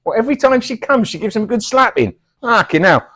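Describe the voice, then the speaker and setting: A middle-aged man, trading scripted comic banter in a mock-earnest, deadpan, sweary way. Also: very high voice, fast, breathy edge. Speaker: comedy double act host.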